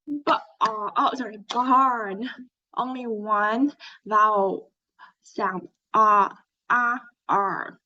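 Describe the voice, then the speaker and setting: A woman teaching an English lesson, speaking slowly, clearly and encouragingly, as if to young learners. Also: a little high, bright, forceful tone. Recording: dull lo-fi sound.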